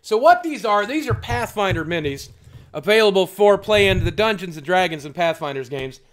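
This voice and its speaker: Casting: male streamer, voice sits a bit high, loose and rambling, blunt and profane, fields chat questions live. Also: lively intonation, normal speed. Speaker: livestream host. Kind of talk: casual livestream chat.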